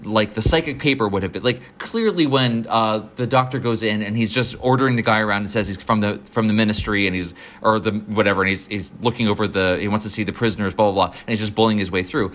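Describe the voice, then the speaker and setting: A man's voice: on the low side, steady tone, fast, few pauses, a bit bright. A man co-hosting a podcast, talking casually and enthusiastically, rambling with frequent restarts. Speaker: podcast co-host. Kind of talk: casual chat.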